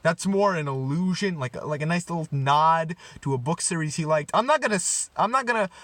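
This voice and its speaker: A man's voice: a little high, animated, fairly quick, fairly bright tone, no room sound. Young guy ranting in a rambling mock-serious way, voice jumps all over the place, dry close sound. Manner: rambling, stumbling over his words, sarcastic outbursts. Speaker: comedy vlogger. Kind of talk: mock-serious rant to camera.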